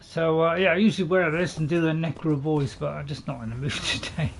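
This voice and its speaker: Over a steady hum of crickets and insects, a man with a fairly high, creaky voice chats quickly and evenly as he streams a game. The audio is poor, and his casual commentary wanders, with easygoing self-interruptions and restarted sentences.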